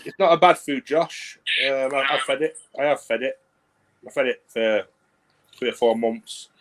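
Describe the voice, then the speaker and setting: A man's voice: medium pitch, normal speed, fairly bright tone. A man taking part as a guest in a casual live stream chat, answering questions in a plain, matter-of-fact way.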